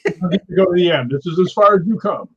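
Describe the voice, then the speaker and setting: A middle-aged man telling a ghost story in a casual interview, animated, often tagging his lines with "right?". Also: high voice, fast, breathy edge. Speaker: guest. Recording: dull lo-fi audio.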